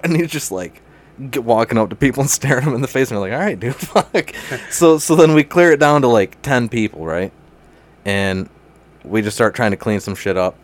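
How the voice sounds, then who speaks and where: A young man telling a wild story in casual chat, laughing often, swearing freely and calling everyone dude. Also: on the low side. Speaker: guest.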